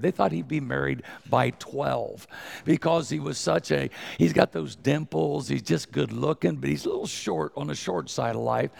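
Older male preacher, 60s, very gravelly and hoarse, joking and self-deprecating. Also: mid-range voice, darkish tone. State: hoarse from a cold. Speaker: evangelist preacher. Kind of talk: folksy sermon opening.

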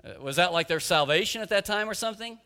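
A man's voice: sits high, animated, fast, pushed and bright, clean tone. A man preaching a sermon as pastor, earnest and emphatic, with rhetorical questions, in a church sanctuary. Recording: echoey hall with long reverb.

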